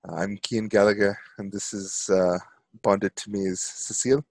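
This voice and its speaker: A man's voice: on the low side, flat delivery, moderate pace, a little mellow, no echo. A man as a player in a tabletop game, speaking his character's lines in an easygoing, hesitant way.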